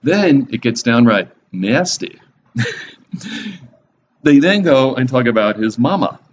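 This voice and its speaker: A man's voice: mid-range voice, very animated, slow. A man giving a casual, conversational Bible lesson with a wry, joking manner, on a slightly dull recording with faint hiss. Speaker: Bible teacher.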